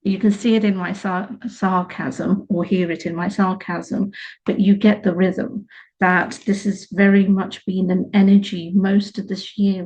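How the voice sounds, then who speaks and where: A woman giving an intuitive tarot reading to camera, chatty and quick to laugh, with playful sarcastic asides to the viewer. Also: mid-range voice, darkish tone, muffled recording. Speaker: tarot reader.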